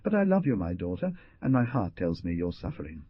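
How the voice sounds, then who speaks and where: A man voicing a kind, fatherly frontier hunter who gently coaxes his daughter, in an audiobook. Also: sits low, very animated, brisk, husky, dry recording, dull audio, exaggerated voice. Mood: gentle. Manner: coaxing, affectionate. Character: warm old trapper, fatherly and caring.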